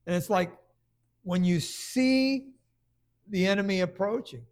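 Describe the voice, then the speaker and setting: High-voiced man preaching a sermon. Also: a little mellow. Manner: conversational, halting restarts, bursts of emphasis.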